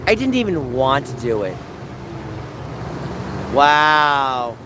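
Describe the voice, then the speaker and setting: A man's voice: mid-range voice, big pitch swings, slow pace, noisy background. A man hosting a casual livestream, talking to chat by name and turning confrontational as he defends himself. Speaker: livestream host.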